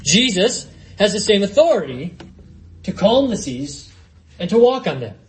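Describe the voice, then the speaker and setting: A man's voice: sits high, sing-song, unhurried. A man preaching an expository sermon, conversational, with frequent asides to the congregation.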